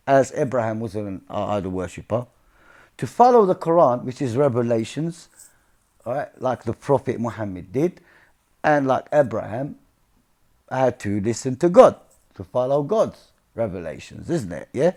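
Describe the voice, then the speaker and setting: A man's voice: mid-range voice, a little mellow. A man explaining scripture in an informal talk, earnest and often checking in with his listeners. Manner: earnest, keeps checking in with "yeah?" and "see?". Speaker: religious commentator.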